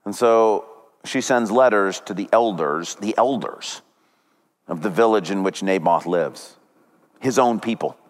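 A man's voice: fairly low pitch, a little slow, long reverb tail. A man preaching a sermon as pastor, retelling a story dramatically with big swings up and down.

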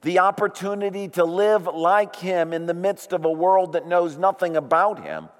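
A man preaching a sermon as pastor, slow and deliberate, leaning on key words. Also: sits high, expressive. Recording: long hall reverb.

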